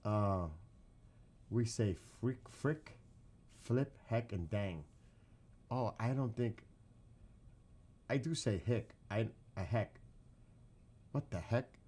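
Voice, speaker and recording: A man's voice: lowish voice, slow pace, long pauses, a little mellow. A man with a New York accent chatting casually with his live-stream viewers late at night, quizzing the chat and laughing often.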